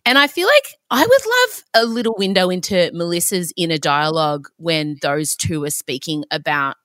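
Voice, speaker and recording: Australian woman, podcast co-host, bright and lively, blunt ranter. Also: lowish voice, normal speed, no echo. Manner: animated, blunt ranting. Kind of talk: casual chat.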